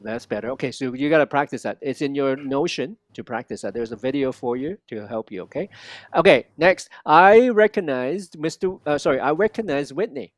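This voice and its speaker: A man coaching a student one on one, modeling lines slowly and repeating them with lively energy. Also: medium pitch, dry recording. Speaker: accent coach. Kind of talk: one-on-one language lesson.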